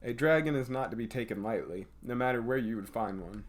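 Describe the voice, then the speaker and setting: A man's voice: mid-range voice, brisk, close to an everyday voice. A man reading the lines of a confident female fox spirit in a game, close to his own voice. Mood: assured. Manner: read plainly, near his own voice.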